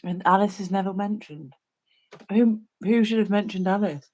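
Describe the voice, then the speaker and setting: A woman hosting a relaxed painting stream, who teases her friend and rambles in a playful way. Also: medium pitch, normal speed. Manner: teasing, playful, rambling with restarts. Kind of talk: casual chat while painting on a stream.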